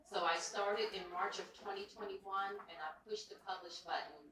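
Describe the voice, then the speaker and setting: A woman's voice: mid-range voice, fairly even intonation, normal speed, a bit bright. An older woman, a children's book author, telling an emotional, chatty story and taking audience questions. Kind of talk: casual talk and audience Q&A. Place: large indoor event hall. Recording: echoey hall from far off, audible room noise.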